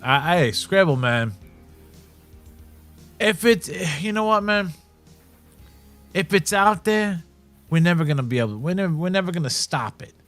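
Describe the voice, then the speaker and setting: A younger man co-hosting a podcast in casual chat, excitable, peppering his lines with "bro" and "man.". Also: sits high, measured pace, long pauses, faint music behind. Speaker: podcast co-host.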